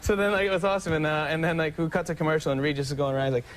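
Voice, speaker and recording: A young man in his twenties chats as a talk show guest, telling his stories with eager excitement and quick laughs. His voice sits a little high. The studio recording carries a clear layer of noise. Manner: excitable, laughing, breaks into loud high-pitched impressions. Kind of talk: casual storytelling with impressions.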